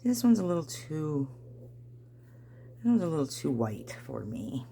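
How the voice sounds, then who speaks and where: A woman's voice: low voice, very animated, moderate pace, creaky, warm tone, slight background noise. A woman, chatting to herself and viewers while she makes a craft at home, in a chatty, self-deprecating way. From New Jersey. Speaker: craft vlogger. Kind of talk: casual craft-along chat.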